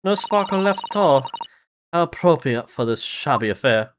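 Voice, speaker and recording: A woman's voice: low voice, lively intonation, moderate pace. A woman voicing a haughty, scornful aristocratic English lady in a game, with a put-on English accent and a theatrical, sneering delivery. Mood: disdainful. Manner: theatrical, sneering, dramatic reading. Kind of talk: reading game dialogue aloud.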